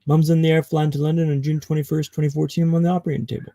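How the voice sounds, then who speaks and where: Guy from canada, gravelly mellow voice, tells his story slow and dramatic, dry close mic. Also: on the high side, flat delivery, no echo, poor audio. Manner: dramatic, paced storytelling with pauses. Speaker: guest speaker. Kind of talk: storytelling in a podcast interview.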